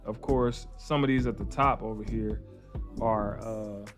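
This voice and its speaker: A man's voice: on the low side, steady tone, measured pace, music in the background. A man, teaching trading in a casual screen-share tutorial with informal, repetitive talk and slangy asides. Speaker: trading educator.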